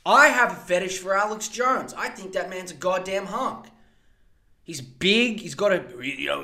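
A man's voice: high voice, expressive, normal speed, pushed and bright. A man, hosting a podcast with a profane, sarcastic comedic rant. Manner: sarcastic, mocking, slips into impressions. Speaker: podcast host.

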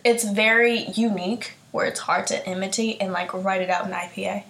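A young woman with a Philadelphia accent co-hosting a podcast, expressive, blunt and quick to laugh. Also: mid-range voice. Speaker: podcast co-host. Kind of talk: casual chat. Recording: roomy echo.

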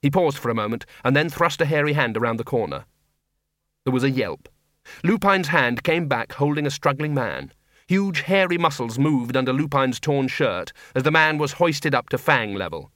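A man narrating an audiobook with a wry, expressive reading. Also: mid-range voice, moderate pace, dry recording, studio quality.

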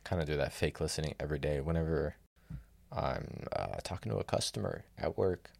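A young man with a very low voice that has a gravelly rasp running through it. He tells his stories in an exasperated, sardonic tone and swears without hesitation. The sound is close and dry. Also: brisk, a little mellow, dry recording. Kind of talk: casual storytelling rant.

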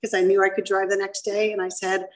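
A fast-talking middle-aged woman with a mid-range, slightly mellow voice and little pitch movement shares her story at a recovery meeting. She's candid and self-deprecating before a live audience in a meeting room, heard from a distance.

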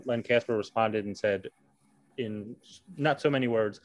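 A man's voice: fairly low pitch, normal speed, no echo. A man hosting a podcast, chatting casually about baseball and teasingly quizzing his co-host. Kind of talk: casual sports chat.

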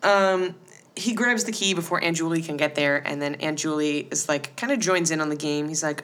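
Woman cohosting a podcast, lowish voice, chatty, laughs a lot, acts out the lines. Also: normal speed, fairly bright tone. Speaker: podcast co-host. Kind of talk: casual chat recapping a TV episode.

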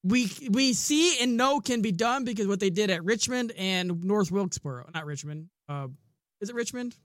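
Man, high voice, blunt, rambling, swears, casual podcast chat, dry sound. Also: animated, normal speed, dry recording. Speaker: podcast co-host.

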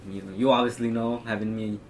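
A man's voice: mid-range voice, flat delivery. Teen guy um-ing and uh-ing thru school stories, slangy, light hiss behind. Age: teens. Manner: halting, filler-heavy with slang. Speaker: co-host. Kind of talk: casual chat.

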